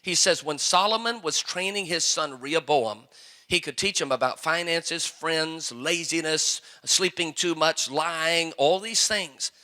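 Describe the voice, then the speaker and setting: A man's voice: fairly high pitch, measured pace, sharp tone. A male pastor preaching a sermon to young people, folksy and full of joking stories.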